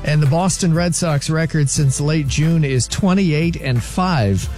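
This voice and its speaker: Brisk male sports update anchor over music. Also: a little high, darkish tone. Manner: brisk, matter-of-fact recap.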